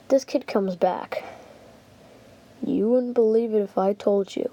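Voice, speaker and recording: A woman's voice: mid-range voice, slow, pauses often, warm tone, slight background noise. A young woman hosting her channel, telling a casual story with lots of fillers and restarts. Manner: rambling, heavy use of "like" and fillers. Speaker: channel host. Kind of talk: casual story time vlog.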